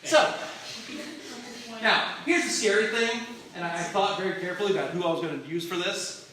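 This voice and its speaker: A man preaching a sermon, telling stories in a lively, joking way with asides and restarts. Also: sits high, fairly quick, a crowd in the background. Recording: echoey hall from far off.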